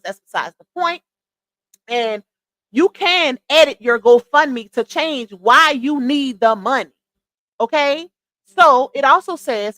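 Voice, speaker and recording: Woman streamer, high-pitched, dry close mic, incredulous commentary. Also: fairly bright tone, no echo, low-quality recording. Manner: sassy, incredulous, addresses viewers as y'all and baby. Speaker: live stream commentary host. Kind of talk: casual livestream commentary.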